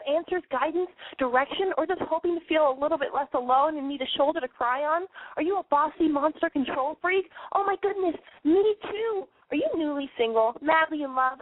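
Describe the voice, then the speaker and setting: Woman host, sick and wheezy, brash and profane, high voice, recorded dry with narrow phone-line quality. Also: no room sound. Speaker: podcast advice show host. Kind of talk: casual call-in show monologue.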